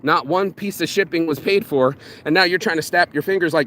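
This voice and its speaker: A man ranting casually to camera, profane and animated, swinging between loud mocking quotes and low, intense asides. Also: brisk, hardly any pauses. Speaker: vlogger.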